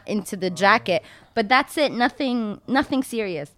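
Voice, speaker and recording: A young woman casually telling a long personal story, acting out her own remarks in a much higher voice. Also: a little fast, hardly any pauses, no room sound. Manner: animated, acts out her own lines in a high voice.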